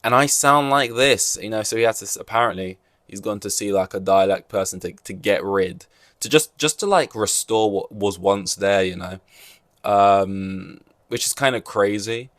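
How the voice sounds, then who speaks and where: A man's voice: lowish voice, moderate pace, dry recording, clean studio sound. A man hosting a solo podcast, rambling and joking through casual chat with many fillers and restarts. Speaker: podcast host.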